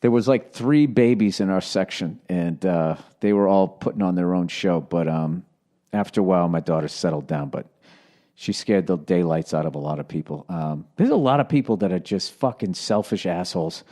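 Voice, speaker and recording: A man's voice: low-pitched, normal speed, warm tone. A man in his forties hosting a casual solo podcast, with a Boston accent, rambling and sarcastic, swearing freely as he tells stories. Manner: rambling, profane, sarcastic storytelling. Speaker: podcast host.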